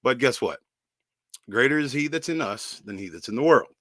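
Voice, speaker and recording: A man's voice: mid-range voice, expressive, moderate pace, fairly bright tone, no echo, studio quality. A man hosting a late-night online show, talking in a loose, folksy way. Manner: loose, folksy, hesitant with fillers. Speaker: host.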